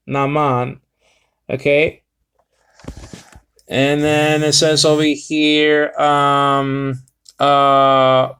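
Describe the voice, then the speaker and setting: Man teaching scripture casually, halting and filler-heavy, slightly higher voice, stops to sound out Greek words. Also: fairly bright tone, clean tone. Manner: halting, many fillers, reading aloud slowly. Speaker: Bible teacher. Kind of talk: casual Bible lesson.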